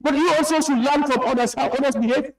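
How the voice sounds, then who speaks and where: A stern man with a Gambian English accent presides over a parliament chamber, scolding members and repeating himself. His voice sits high for a man, and he speaks into a desk microphone. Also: fairly even intonation, quick pace, poor audio. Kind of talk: presiding over a heated debate.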